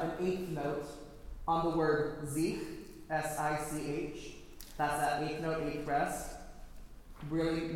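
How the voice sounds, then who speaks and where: Choir director, male, high voice, chatty and detailed, long hall reverb. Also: a bit bright. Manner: chatty, detailed, self-correcting. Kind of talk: choir rehearsal instruction. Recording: echoey hall, faint noise.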